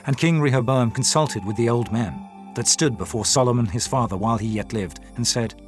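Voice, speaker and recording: A man narrating a dramatized scripture reading in a measured, formal manner. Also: medium pitch. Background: faint music.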